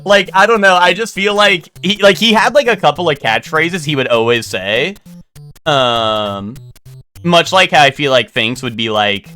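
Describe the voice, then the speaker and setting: A man's voice: a little high, a little slow, sharp tone, smooth, soft background music. A man streaming live, chatting casually and telling a rambling story full of fillers and restarts. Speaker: livestreamer. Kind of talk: casual livestream chat.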